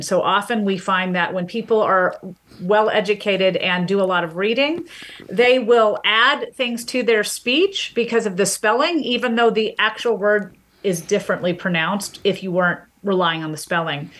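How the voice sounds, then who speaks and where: A woman linguist with a West Coast or Midwest American accent, explaining speech sounds clearly on a radio talk show and sounding them out as she goes. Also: mid-range voice, fairly bright tone. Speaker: linguist guest.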